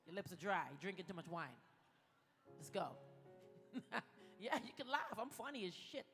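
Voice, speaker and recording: A woman's voice: medium pitch, big pitch swings, moderate pace, a bit bright. A woman giving a playful motivational speech at a gala and leading the audience through spoken mantras. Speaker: gala speaker. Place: large event hall. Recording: echoey hall with music.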